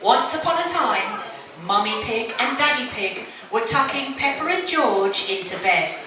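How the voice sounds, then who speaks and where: A woman reading a children's storybook aloud to a child in an animated way, putting on voices for the characters. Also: a little high, a little slow. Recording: echoey room, distant mic, background noise.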